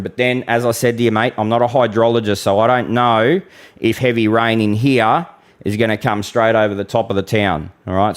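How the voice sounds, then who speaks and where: Here an Australian host runs a laid-back weather livestream, answering audience questions as he forecasts. His voice sits on the low side, clear and resonant, and he addresses viewers as mate in a blunt, chatty way with the odd mild curse.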